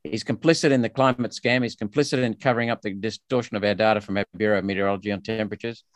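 A man's voice: fairly low pitch, fairly even intonation, rapid-fire, dry recording. An Australian man speaking as a politician guest in a podcast interview, emphatic and indignant with frequent restarts.

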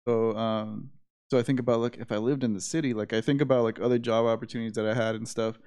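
A young man in casual chat, rambling with many fillers and trailing off quietly. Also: medium pitch, steady tone, fast, smooth.

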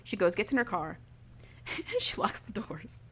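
A woman's voice: mid-range voice, wildly swooping pitch, unhurried, a bit bright, slightly rough. A young woman in casual chat, retelling a story in a chatty, filler-heavy way and acting out the lines of the people in it. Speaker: podcast co-host recapping a story.

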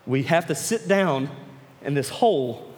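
A man preaching a youth sermon to a room of listeners, telling a personal story with animated delivery that turns earnest and hushed. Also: a little high, unhurried. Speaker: youth pastor. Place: large room with an audience. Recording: long reverb of a large hall.

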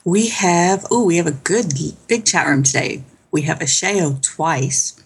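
A woman's voice: on the low side, lively intonation, measured pace, slightly rough. A woman co-hosting a gaming podcast, reading off the chat room names. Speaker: podcast co-host.

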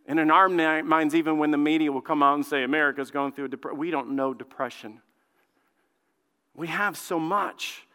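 A male lead pastor preaching a sermon, fervent, dropping to a hushed plea and then rising loud, and often repeating words as he builds a point. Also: on the high side, steady tone, moderate pace, clean tone. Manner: fervent, swings from hushed pleading to loud outbursts. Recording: long hall reverb.

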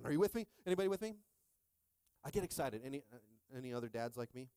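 A man's voice: medium pitch, fast talker, clear, resonant tone, no room sound. Fired-up male pastor preaching. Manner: energetic, repeatedly asking "are you with me?". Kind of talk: sermon.

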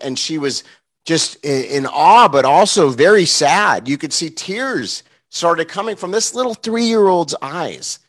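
Preacher guy telling a story, earnest and emotional, lots of "you know"s, kinda higher voice. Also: fairly bright tone. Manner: earnest, emotional storytelling with many fillers and restarts. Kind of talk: morning sermon to a congregation.

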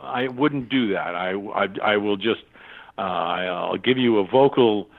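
An older man, a guest in a casual interview, telling lively anecdotes, acting out other people's voices and laughing often. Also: on the low side, measured pace, creaky. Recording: tinny phone-line sound.

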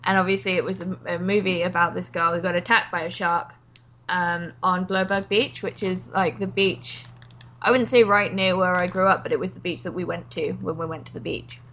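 A woman's voice: lowish voice, fairly even intonation, moderate pace, fairly bright tone, lo-fi sound, slight background noise. A woman co-hosting a casual chat, telling stories with frequent "like" and "um". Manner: chatty storyteller, fillers like "like" and "um".

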